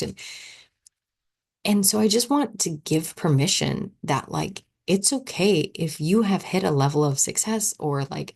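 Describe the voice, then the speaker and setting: A young woman with a low voice hosts a solo podcast as a coach. She talks in a loose, chatty way and keeps acting out her own thoughts as quoted asides. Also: lively intonation, a little slow, creaky, husky.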